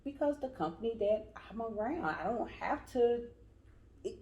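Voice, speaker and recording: A woman's voice: a little high, lively intonation, normal speed, mellow, echoey room, highs cut off. A woman co-hosting a casual podcast, speaking with confidence and emphasis. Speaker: podcast co-host. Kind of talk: casual chat.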